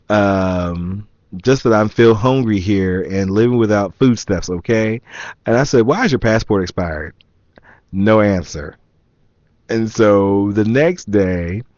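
A man's voice: on the low side, darkish tone, no echo. A man from the United States casually telling a story to his viewers, amused and laughing as he reads messages aloud in a wry tone. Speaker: vlogger. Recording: slightly dull, lo-fi sound.

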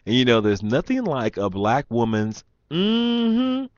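A man hosting his own show tells a rambling party story, chatty and laughing, and throws asides to his listeners. His voice sits on the low side. The recording is dry and slightly dull, with a lo-fi edge. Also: big pitch swings, normal speed, no room sound. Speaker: show host. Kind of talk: casual storytelling monologue.

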